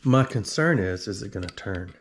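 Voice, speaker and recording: A man's voice: fairly low pitch, animated, moderate pace. Joking man tinkering with tools. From Alabama. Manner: joking, rambling, talks to himself while working. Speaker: video host. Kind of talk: casual workshop tinkering talk.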